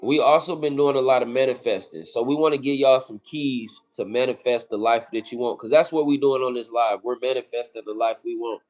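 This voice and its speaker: A man's voice: medium pitch, fairly quick, few pauses, a little mellow. A man from California co-hosting a casual livestream, talking earnestly and often repeating phrases. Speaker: livestream co-host.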